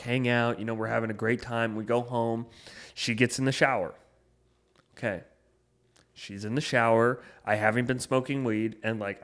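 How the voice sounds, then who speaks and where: A young man co-hosting a podcast, rambling through a story with lots of swearing and getting loud when riled up. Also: medium pitch, gravelly. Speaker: podcast co-host. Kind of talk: casual chat.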